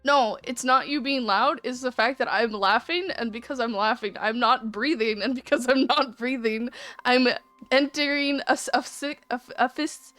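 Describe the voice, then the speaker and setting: A woman's voice: on the high side, moderate pace, fairly bright tone, faint music behind. A woman chatting casually on a game stream, laughing often as she talks.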